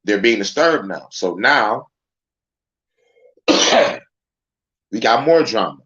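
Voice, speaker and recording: A man's voice: lowish voice, big pitch swings, takes it slowly, pushed and bright, highs cut off. A man hosting a casual livestream, ranting and rambling in heated, profane commentary. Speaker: livestream host. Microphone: phone.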